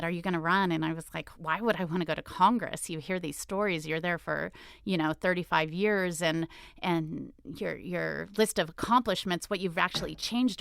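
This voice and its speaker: A middle-aged woman in a candid interview, talking loudly and emotionally as she tells lively stories from her work in politics. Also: fairly low pitch, vocal fry, clean tone, no room sound, clean studio sound. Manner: loud, emotional, animated storytelling. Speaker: state assemblywoman, guest.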